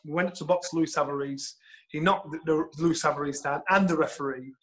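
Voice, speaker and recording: A middle-aged man, telling a story in an animated way, swearing and acting out the lines he quotes. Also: a little high, brisk, poor audio. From England. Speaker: guest storyteller. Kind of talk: anecdotal storytelling.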